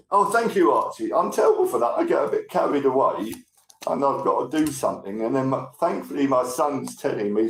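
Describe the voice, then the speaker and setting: A man's voice: mid-range voice, gravelly, slight background noise, poor audio. A man hosting a casual livestream, chatting with viewers and thanking them by name, with a tickly cough. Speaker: livestream host. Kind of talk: casual live chat reading viewer comments.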